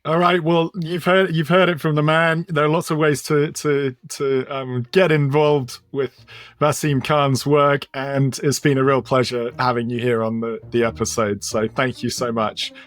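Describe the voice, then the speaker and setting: A man's voice: mid-range voice, little pitch movement, unhurried, dry recording, studio quality. Upbeat man podcast co-host. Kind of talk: casual podcast chat.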